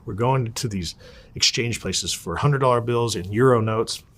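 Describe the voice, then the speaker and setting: A man as an interview guest, telling his story in a casual, animated and blunt way, swearing freely. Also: mid-range voice, moderate pace.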